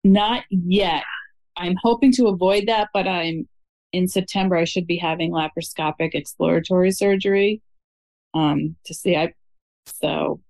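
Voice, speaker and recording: A woman's voice: on the low side, steady tone, normal speed, vocal fry, a little mellow, rough recording. A woman calling in to a show, earnestly describing her situation in detail. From Syracuse, New York. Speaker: caller. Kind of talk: call-in conversation.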